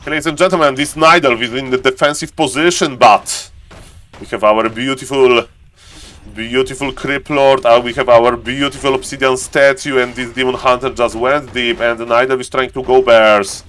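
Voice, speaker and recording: A young man streaming and commenting on a strategy game replay, excitable, talking to chat in non-native English and tripping over words. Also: mid-range voice, normal speed. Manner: excitable, talks to chat, keeps saying "ladies and gentlemen".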